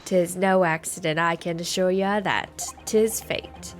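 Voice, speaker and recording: A woman voicing a brash, scheming middle-aged man with a lilting brogue, gruff and slow, in a game playthrough. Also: on the low side, steady tone, faint music behind, lightly acted. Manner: blustering and conspiratorial. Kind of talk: video game voice-over playthrough.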